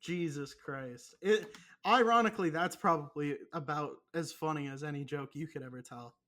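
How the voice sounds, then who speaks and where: A man's voice: fairly high pitch, moderate pace, pushed and bright. A young man co-hosting a casual podcast, rambling and swearing, often mocking himself. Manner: profane, rambling, self-mocking. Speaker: podcast co-host. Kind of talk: casual chat.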